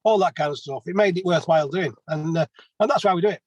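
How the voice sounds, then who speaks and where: A man's voice: a little high, fast talker, no room sound, muffled recording. A man, a plumber telling stories as a guest in a casual interview. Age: 50s. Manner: chatty storyteller, many restarts.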